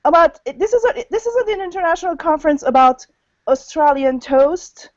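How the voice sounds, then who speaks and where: Woman playing a high-voiced, haughty lady, insistent, lo-fi call audio. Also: moderate pace, no echo. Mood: indignant. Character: haughty French woman defending French food.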